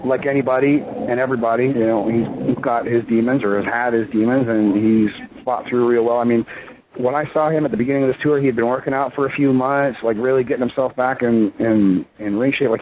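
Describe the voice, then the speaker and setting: Guy in his 30s, pro wrestler, rambly and worked up, sounds like he's on the phone, bit of hiss. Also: medium pitch. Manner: excitable, rambling, full of "you know" and "I mean". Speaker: pro wrestler, interview guest. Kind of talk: casual phone interview. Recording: tinny phone line with faint hiss.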